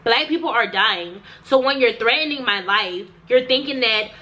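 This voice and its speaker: A woman's voice: a little high, expressive, moderate pace, bright, forceful tone, lo-fi sound, slight background noise. A young woman vlogger recounting a personal story to the camera, emphatic and repetitive, talking straight to her viewers.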